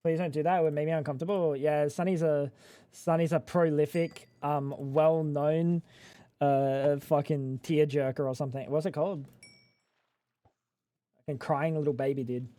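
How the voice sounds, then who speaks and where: Mellow, higher-voiced swearing streamer man. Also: fairly even intonation, normal speed. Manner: swearing, teasing banter; rambling, trails off mid-thought. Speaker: livestreamer. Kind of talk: casual livestream chat.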